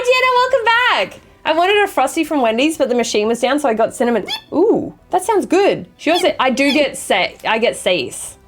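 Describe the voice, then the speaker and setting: Young woman, casual stream chat, quick apologies, swearing, higher voice, faint music in background. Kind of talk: casual chat reading viewer messages.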